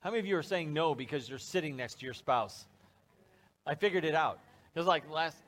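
Male pastor, higher-pitched, relaxed joking sermon delivery before a live church crowd. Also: a little fast. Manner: conversational, joking, acts out little scenes.

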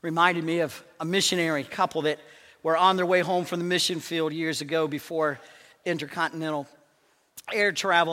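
A male pastor preaching a sermon, swinging from loud proclamations to hushed, near-whispered lines. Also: high-pitched, long reverb tail.

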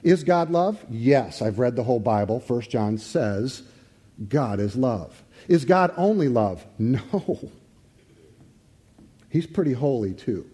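A man preaching a sermon to a congregation, animated, swinging between loud outbursts and hushed lines. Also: medium pitch, slow pace, slightly rough. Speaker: pastor.

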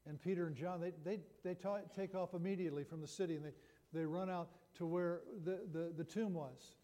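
A high-pitched, warm-toned pastor keeps a steady tone and brisk pace as he preaches. His sermon retells a Bible story in a chatty style with frequent restarts, and long hall reverb colors the recording.

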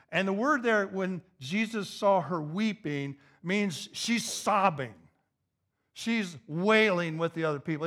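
A pastor preaching a sermon, repeating key phrases and building to an emphatic, raised intensity. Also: male voice, on the high side, fairly bright tone.

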